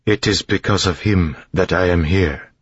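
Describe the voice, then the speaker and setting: A steady, businesslike woman of about fifty with a light accent, read by a man in a raised, husky voice. She stays calm and firm. The audiobook sound is dry and slightly muffled. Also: sits low, moderate pace, dry recording, pitched above the performer's own voice. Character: middle-aged woman scholar, calm and firm.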